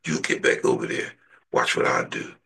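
A man preaching a sermon and leading a prayer, impassioned, surging from hushed to shouting. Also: moderate pace, distant mic.

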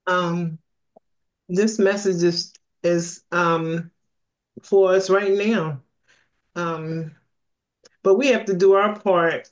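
A Bible study participant speaks slowly and hesitantly, pausing with ums between thoughts. The voice sits at a middle pitch. The recording sounds dull and lo-fi. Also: steady tone. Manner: slow, hesitant, with many ums. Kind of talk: group discussion comment.

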